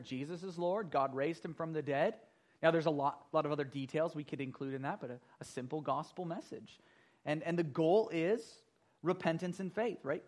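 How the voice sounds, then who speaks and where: Male pastor, earnest Bible teacher, slightly higher-pitched man. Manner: earnest, explanatory, repeats words.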